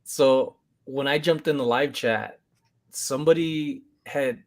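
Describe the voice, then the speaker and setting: A man hosting a casual chat, telling lively stories and acting out what people said. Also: mid-range voice, takes it slowly. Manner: animated storyteller, acts out voices. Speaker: podcast host.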